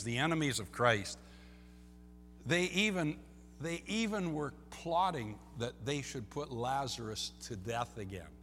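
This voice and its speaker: A man preaching a sermon as a pastor, swinging between loud and soft and repeating key phrases. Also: a little high, long reverb tail. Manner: lively preaching, rising and dropping in loudness, repeats phrases.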